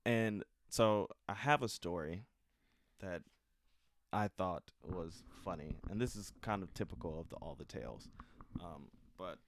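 Deep-voiced man, casual storytelling host, swears and laughs, dry close sound. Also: expressive, a little slow, no room sound. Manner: loose, profane, laughs often.

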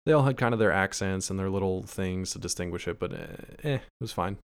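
A man's voice: sits low, fast, clear, resonant tone. A man co-hosting a podcast, reviewing a show in easygoing casual chat and agreeing along. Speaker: podcast co-host.

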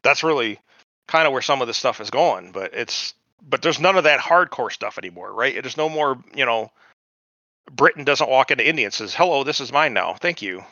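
A man's voice: mid-range voice, lively intonation, fairly quick, bright, forceful tone, no echo, muffled recording. Rambling, foul-mouthed podcast man. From United States. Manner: profane, rambling, digressive. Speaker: podcast co-host. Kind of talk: casual chat.

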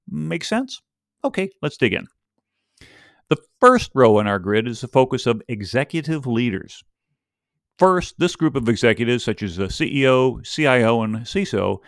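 A man hosts a podcast in a voice of middling pitch, reading his script in an upbeat, clearly enunciated way. The sound is dry and close, with no room echo. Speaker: podcast host.

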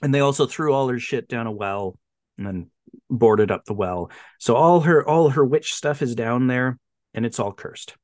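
A man co-hosting a podcast, chatting casually about films and retelling plots with animated storytelling and quick silly voices for the characters. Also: mid-range voice, no echo, studio quality. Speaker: podcast co-host. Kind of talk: casual film chat.

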